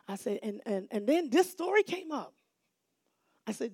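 A middle-aged woman gives a lively, dramatic testimony to a church audience. Her fairly high voice has a gravelly edge. The sound is dry and close. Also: a little fast, dry recording. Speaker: church speaker giving a testimony. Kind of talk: animated testimony storytelling.

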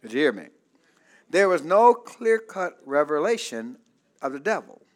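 A male pastor preaching a sermon, calling out to the congregation for responses and building up to shouted peaks. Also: fairly high pitch, big pitch swings, unhurried.

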